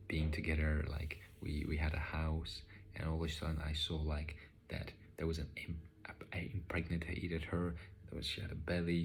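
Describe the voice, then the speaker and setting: Low-voiced man, soft half-whisper, loose reflective talk, light hiss. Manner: soft, often half-whispered, with filler "like" and restarts. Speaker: vlogger recounting a spiritual session. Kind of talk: reflective personal account.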